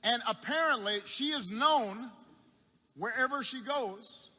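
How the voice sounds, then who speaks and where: The long reverb of a big university arena surrounds this man, a political speaker at a campaign rally whose high, bright voice carries a slow-paced story. He leans on repetition for effect and sometimes halts and starts over.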